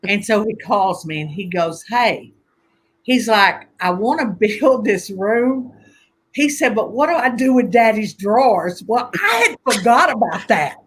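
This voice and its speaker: A woman telling family stories in a casual conversation, animated and laughing often as she acts out voices. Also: mid-range voice, unhurried, husky. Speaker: guest conjure teacher.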